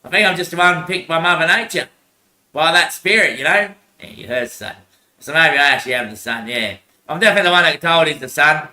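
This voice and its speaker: A man's voice: a little high, animated, a little fast, pushed and bright, echoey room. A man in a rambling monologue, repeating himself, swearing and laughing often.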